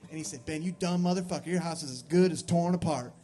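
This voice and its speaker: A man with a high voice spins a loose, cursing, self-deprecating story on a small stage. Guitar sounds ring out clearly behind him, and his telling drifts along with many asides. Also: fast talker, dark tone. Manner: rambling, profane, self-mocking storytelling. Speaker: singer-songwriter. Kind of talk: live storytelling between songs. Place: live venue with audience. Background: guitar playing.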